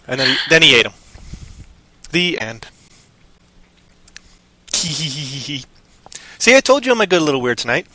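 This stream co-host spins silly invented stories, rambling and random, in a slightly high voice that sounds pushed and bright. He's very animated yet unhurried, leaving long pauses.

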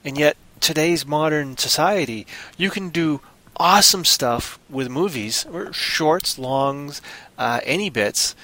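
A man's voice: on the high side, slow, sharp tone. A man in casual chat as a podcast co-host, rambling and joking, often slipping into silly put-on voices.

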